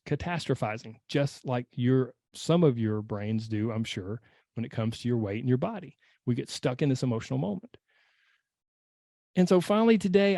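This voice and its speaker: A man hosts a podcast and tells a personal story with lively energy, acting out his inner thoughts as he goes. His voice sits at an ordinary pitch for a man. The close mic sounds dry, with no room echo. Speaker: podcast host and weight-loss coach. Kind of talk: casual monologue, personal story.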